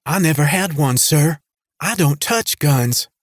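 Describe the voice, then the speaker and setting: A woman's voice: sits low, lively intonation, unhurried, dry recording, studio quality, pitched above the performer's own voice. A man voicing a young female robber with a thick Southern drawl, brash and defiant in an audiobook. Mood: earnest.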